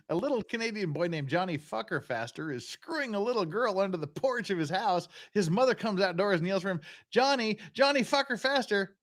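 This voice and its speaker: A man's voice: high voice, lively intonation, a little fast. A tipsy man hosting a casual chat, telling crude jokes and laughing often. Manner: crude, laughing joke-teller. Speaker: livestream host.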